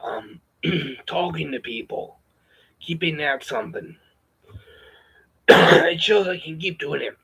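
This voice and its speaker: A campy spy-spoof man, put on by a man talking at home. The voice is pushed higher and sounds strained and bright. A gravelly, husky texture runs through it, picked up by a webcam or phone mic. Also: lively intonation, takes it slowly, long pauses, exaggerated voice, low-quality recording. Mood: complaining. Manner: pitched-up, strained delivery. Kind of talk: put-on character voice while chatting.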